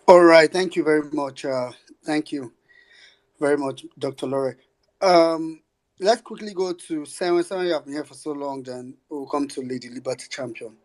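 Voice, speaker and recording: Guy hosting a live audio chat, calls folks up quick, kinda high voice. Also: a little mellow. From Nigeria. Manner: brisk, calling on speakers by name. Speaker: host of an online audio room. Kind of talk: moderating a live audio discussion.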